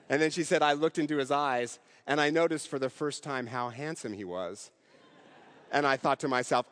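A man preaching a sermon in an earnest way, with emphatic rises and soft drops, closing in prayer. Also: medium pitch, normal speed, in a large hall. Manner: earnest, rising and falling emphasis, ending in prayer.

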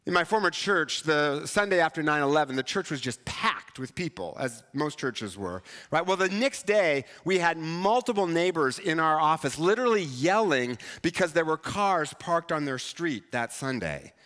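Male pastor, high voice, conversational and animated sermon, long church-hall reverb. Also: moderate pace, hardly any pauses. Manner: conversational, animated, self-mocking. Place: church sanctuary.

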